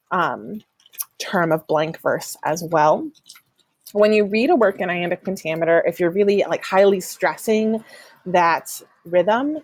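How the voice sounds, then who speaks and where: A woman teacher talks through a recorded online lesson in a fairly low voice. She explains step by step, fills pauses with "um," and sounds out rhythms aloud. The sound is dry and close, with no room around it. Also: no room sound. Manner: explanatory, frequent "um" fillers, demonstrates stress patterns aloud. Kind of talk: recorded online class lecture.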